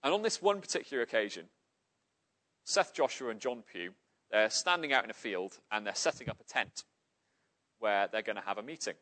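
A man's voice: fairly low pitch, expressive, quick pace, pushed and bright. A man from Cardiff preaching a sermon in an earnest, emphatic way. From Cardiff, Wales.

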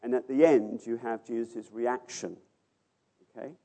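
A man preaching a sermon in a church, expounding a passage with rhetorical questions and letting his phrase ends fall away softly. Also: medium pitch, steady tone, measured pace.

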